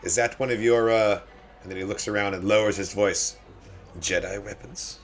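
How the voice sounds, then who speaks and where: A man's voice: on the low side, fairly even intonation, a little fast, faint music behind, close to an everyday voice. Man doing a pidgin-talking alien adventurer. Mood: chummy. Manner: broken pidgin speech.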